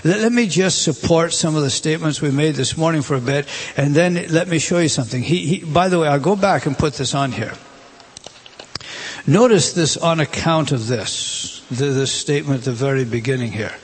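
A man teaches scripture verse by verse in a slightly high, husky voice. He reads passages aloud, then explains them with emphatic repetition and frequent restarts. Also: moderate pace. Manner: emphatic, repeats words and restarts phrases. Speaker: Bible teacher.

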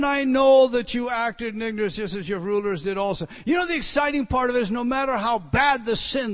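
A man preaching an expository sermon, swinging between loud declarations and hushed asides. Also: extremely high pitch, brisk.

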